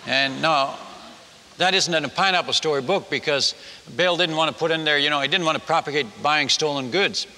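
Bright-voiced man preaching in a hall. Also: on the high side, brisk, slight background noise. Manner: animated, acts out villagers' voices. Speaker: missionary storyteller. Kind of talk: sermon storytelling. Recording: echoey hall reverb.

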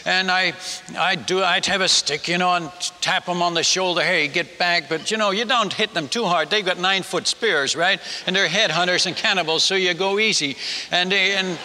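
A man spins a folksy, animated missionary yarn for a church crowd. His voice is bright and piercing, pitched slightly high, and it rings out with the long echo of a large hall. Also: normal speed, a little hiss or hum. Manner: folksy, animated storyteller, chuckles at his own tales. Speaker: missionary speaker. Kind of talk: humorous story told to a congregation.

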